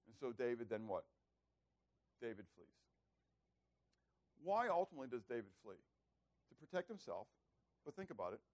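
A man's voice: medium pitch, very animated, moderate pace, long pauses. A man preaching a bible lesson, asking rhetorical questions and acting out characters. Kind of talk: bible teaching sermon.

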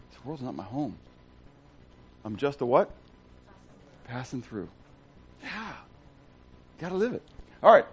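A man preaching a sermon in a casual style, asking the congregation rhetorical questions and swinging from hushed to loud and excited. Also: medium pitch, husky. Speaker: pastor.

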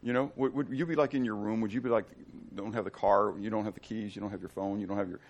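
A man's voice: fairly low pitch, steady tone, fast, highs cut off. A man teaching a conversational Bible study, with joking asides and questions to his class.

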